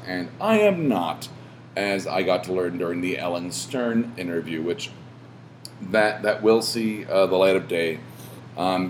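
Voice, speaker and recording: A man hosting a podcast, talking casually in a rambling way, full of fillers and restarts and swearing when he gets animated. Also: low voice, a little hiss or hum. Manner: rambling, self-interrupting with many fillers and restarts. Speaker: podcast host.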